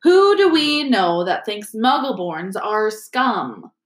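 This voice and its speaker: A woman's voice: fairly high pitch, lively intonation, moderate pace, fairly bright tone. A woman voicing a grumpy, sarcastic teenage schoolboy, in an echoey room. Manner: sarcastic, irritable.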